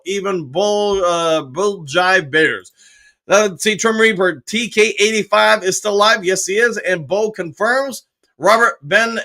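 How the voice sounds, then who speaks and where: A man's voice: sits high, pushed and bright. A man hosting a casual live fan stream, reading viewer comments aloud and answering each one, with frequent cheers and "uh" fillers. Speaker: podcast host reading live chat.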